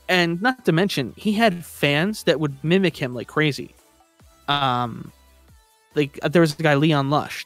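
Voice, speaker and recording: A man's voice: on the high side, no echo. A man streaming live, chatting casually and rambling with frequent restarts, sounding exasperated. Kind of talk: casual livestream chat.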